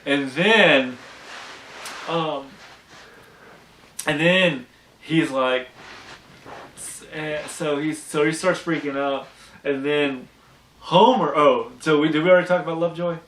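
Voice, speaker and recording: A man's voice: a little high, slow pace, pauses often, a bit bright. A man on a podcast casually recapping a cartoon episode, rambling with many restarts. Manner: rambling, restarts a lot, acts out character quotes. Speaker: podcast co-host. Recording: echoey room, mic at a distance.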